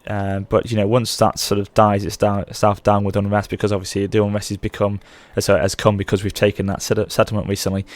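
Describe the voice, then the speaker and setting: A man's voice: lowish voice, completely flat delivery, fast talker, few pauses, no echo. A man in his thirties giving rambling, casual let's play commentary, often correcting himself mid-sentence. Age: 30s. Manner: chatty, rambling, frequent self-corrections. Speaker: gaming channel host.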